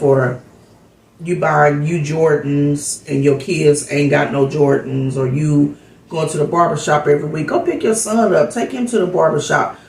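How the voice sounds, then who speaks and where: A woman's voice: sits low, creaky, a little mellow, recorded from a distance. A woman vlogger telling a heartfelt story in a casual, rambling way with lots of fillers, recorded off-mic in an echoey room. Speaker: vlogger host.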